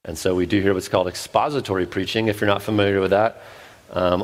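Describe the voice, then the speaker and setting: Low-voiced man preaching a sermon. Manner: conversational with self-deprecating humor; frequent restarts and fillers. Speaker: pastor. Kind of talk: expository sermon. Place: church.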